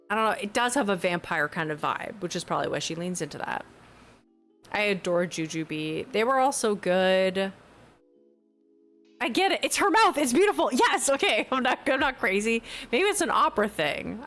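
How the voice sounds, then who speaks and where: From her newly moved-into home, a young woman streams and chats casually with her chat, reacting to it in a rambling, giggly way and constantly correcting herself. Her voice is medium-pitched with a fairly bright tone.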